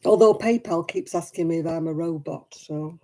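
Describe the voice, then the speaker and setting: A middle-aged British woman with a fairly low, dark voice hosts a casual live stream from her desk at normal speed. She chats in British English and greets viewers by name.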